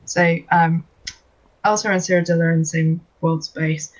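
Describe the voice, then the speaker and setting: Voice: medium pitch, steady tone, moderate pace. A stream host reading out viewer questions and explaining things at length, with many fillers. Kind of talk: casual stream Q&A. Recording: dull, lo-fi stream audio.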